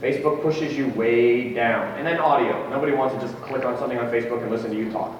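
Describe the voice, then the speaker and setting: A man's voice: medium pitch, fairly even intonation, fast talker. A man presenting a live seminar to an audience in a conference room, joking and speaking to the crowd directly. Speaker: real estate tech seminar presenter. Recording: echoey hall from far off, faint noise.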